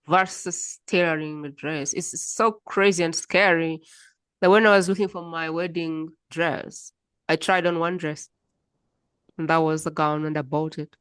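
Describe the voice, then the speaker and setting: Woman, podcast host, chatty storyteller, low voice, dry close sound. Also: fairly even intonation, measured pace, fairly bright tone, clean tone, no echo. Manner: chatty storyteller, frequent murmured mm's. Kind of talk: casual interview chat.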